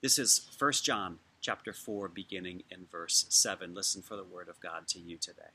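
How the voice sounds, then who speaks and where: Soft-spoken pastor with a low, bright voice. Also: male voice, breathy edge. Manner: gentle, unhurried, reads scripture slowly and softly. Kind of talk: sermon with scripture reading.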